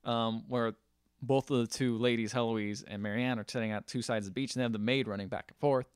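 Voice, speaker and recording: A man's voice: medium pitch, steady tone, brisk, clean tone, dry recording, clean studio sound. A man co-hosting a podcast, casually retelling a film's plot and acting out the characters' lines as he goes. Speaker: podcast co-host. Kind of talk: casual film recap chat.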